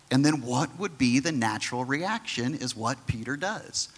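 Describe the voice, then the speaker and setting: Bright-voiced male pastor preaching. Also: medium pitch, normal speed, few pauses, husky. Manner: conversational teaching with frequent restarts; acts out the quoted figures in his own voice. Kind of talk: sermon.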